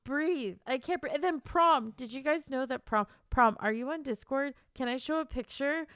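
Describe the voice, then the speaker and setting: A woman's voice: sits high, lively intonation, normal speed, few pauses, a bit bright, smooth, dry recording, studio quality. A woman streamer chatting casually with her viewers, emotional and teary, laughing and rambling as she talks. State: teary, crying on and off. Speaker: streamer and author. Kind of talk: casual live-stream chat.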